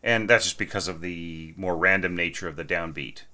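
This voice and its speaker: Low-voiced enthusiastic orchestration lecturer. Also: male voice, moderate pace, pushed and bright. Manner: enthusiastic, often asks "right?", sings phrases. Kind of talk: informal music lecture.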